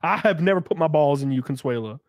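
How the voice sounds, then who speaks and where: A man's voice: on the high side, expressive, fast, no room sound, clean studio sound. A man voicing a flustered, indignant middle-aged man in a comedic impression skit.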